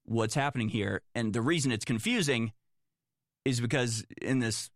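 A man's voice: mid-range voice, normal speed, no room sound, clean studio sound. A man commenting on the news, reading reports aloud and reacting in a sarcastic, exasperated, rambling way. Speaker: political commentator.

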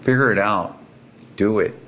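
A man's voice: lowish voice, normal speed, bright, forceful tone, highs cut off, a little hiss or hum. A man from the United States, a guest earnestly and dramatically retelling a personal story, acting out the voices of the people in it.

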